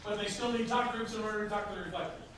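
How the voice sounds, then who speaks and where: A man with a somewhat high voice teaches a roomful of students, walking them through a procedure step by step. He stops often to hunt for the next word. A distant recorder in a very echoey classroom catches him, with a faint hiss underneath. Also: steady tone, racing, fairly bright tone. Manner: explains step by step with frequent hesitations. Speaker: instructor. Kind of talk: classroom lecture. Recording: echoey room from far off, faint noise.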